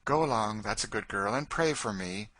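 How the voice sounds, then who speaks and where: A man voicing an easygoing gentleman father who talks in a dry, teasing way. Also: on the low side, animated, normal speed, no echo, pitched above the performer's own voice. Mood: tender.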